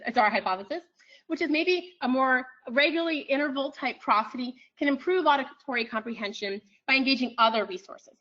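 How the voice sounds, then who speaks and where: A woman giving an academic lecture in a room, pausing often with ums and restarting her phrases. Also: high voice, fairly bright tone, lo-fi sound. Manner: frequent ums, thoughtful restarts.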